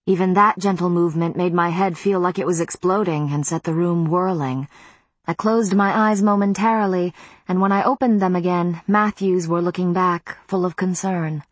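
A woman narrating an audiobook in the first person, measured and even, on a close studio mic. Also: on the low side, no room sound.

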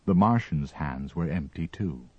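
A man narrating a story as an audiobook reading, with expressive, measured storytelling. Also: rumbling low, slightly rough, dry recording, highs cut off.

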